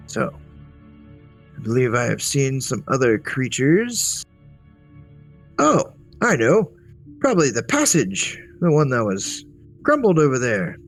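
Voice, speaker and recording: A man voicing a forgetful old male wizard who rambles cheerfully and loses his thread. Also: medium pitch. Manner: rambling, chipper, absent-minded.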